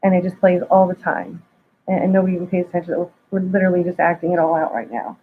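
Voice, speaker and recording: A woman with a husky voice talks as a guest, rambling and stammering over repeated words. The sound is dull and lo-fi. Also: fairly low pitch, fairly even intonation, fast talker. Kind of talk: casual spiritual talk.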